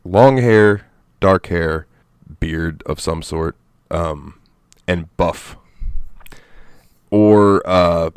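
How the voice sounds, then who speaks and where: A deep-voiced man rambling through a casual gaming podcast chat, full of fillers and offhand swearing. His low voice sits dry and close, with no room sound around it. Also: very slow, pauses often, clear, resonant tone, no room sound. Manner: rambling, loose, swears freely, many fillers. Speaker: podcast co-host.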